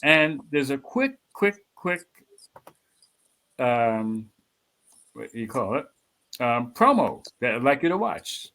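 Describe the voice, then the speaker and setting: A man giving a sermon's closing and announcements at a spiritual center, relaxed and rambling with many fillers. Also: medium pitch, slow pace, long pauses, rough recording. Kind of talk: casual church announcements.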